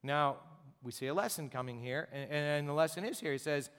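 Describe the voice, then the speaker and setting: Pastor guy preaching, kinda high voice, lots of "and, and", long church echo. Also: animated, a little fast, a bit bright, smooth. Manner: conversational preaching, rhetorical questions, repeats words. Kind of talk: sermon. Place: church sanctuary.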